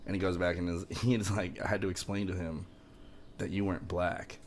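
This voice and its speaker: A man's voice: low voice, flat delivery, a little fast. Casual podcast co-host, man, laughs through his stories, faint background noise. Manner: laughing, swearing storyteller. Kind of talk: casual chat.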